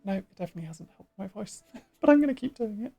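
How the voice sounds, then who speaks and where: A woman's voice: mid-range voice, animated, fast, creaky, mellow, soft background music. A woman game streamer chatting casually and making chatty, self-mocking asides while she plays. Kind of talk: casual live-stream chat.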